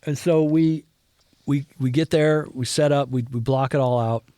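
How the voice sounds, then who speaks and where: Lively middle-aged man telling film-set stories. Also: mid-range voice, moderate pace, clean tone, no echo, clean studio sound. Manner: animated storyteller who acts out other people's lines. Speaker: podcast guest, camera operator turned director. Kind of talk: casual anecdotal interview.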